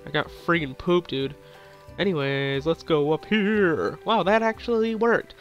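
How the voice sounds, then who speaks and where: A man's voice: on the high side, a little slow, highs cut off, faint music behind. A young man with a sore throat giving hyper, giggly, crude gameplay commentary, rambling on. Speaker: gaming YouTuber.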